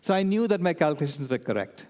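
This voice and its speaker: An older man giving a public talk, an animated storyteller who keeps checking in with his audience. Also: on the high side, quick pace. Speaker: guest speaker. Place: convention centre hall. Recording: long reverb in a large hall.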